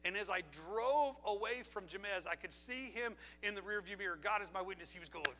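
Man, pastor preaching in church, animated with asides, piercing bright voice. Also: high-pitched, a little fast, hardly any pauses. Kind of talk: sermon. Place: church sanctuary. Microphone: handheld or pulpit mic.

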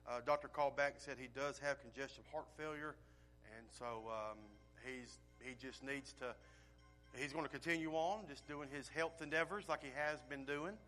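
A man, a pastor giving a folksy church welcome and announcements, with frequent fillers and swells in loudness. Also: mid-range voice, moderate pace, faint music behind.

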